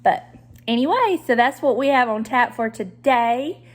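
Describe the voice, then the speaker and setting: A woman's voice: fairly high pitch, expressive, normal speed. A woman with a Southern American accent chatting casually to the camera at home, teasing and laughing often as she talks. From Southern United States. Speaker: lifestyle vlogger.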